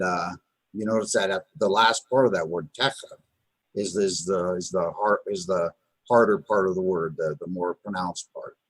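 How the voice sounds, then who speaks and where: A man with a low, husky voice leads a live beginners' Hebrew lesson. He sounds out each word slowly and often restarts his sentences. The sound is dry and close. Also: no room sound. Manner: patient, repeats words slowly, many fillers and restarts. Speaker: Hebrew teacher. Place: Chabad house.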